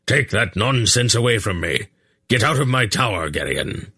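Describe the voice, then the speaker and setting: Cold, contemptuous old storybook grandfather, voiced by a male narrator, low and clipped. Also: measured pace, gravelly, bright, forceful tone, breathy edge, heavily acted. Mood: scornful. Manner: curt, contemptuous.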